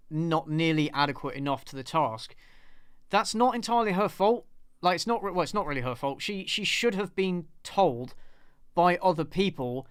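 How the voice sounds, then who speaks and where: A man with a fairly high, smooth voice and a dry, close sound talks casually to his viewers. He rants in exasperation, swears freely and repeats himself when something annoys him. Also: fairly bright tone, no room sound. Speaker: film reviewer and host. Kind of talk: casual live commentary over a played clip.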